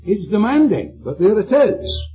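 A man with a high voice and huge pitch swings preaches at an unhurried pace. His sermon is emphatic, and he poses questions to check in with his listeners. The recording is dull and lo-fi, with faint music.

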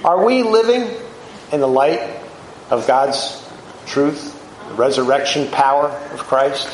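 A man's voice: a little high, slow, roomy sound, a little hiss or hum, rough recording. A man preaching a sermon, teaching through Bible verses in a conversational, reflective way with rhetorical questions.

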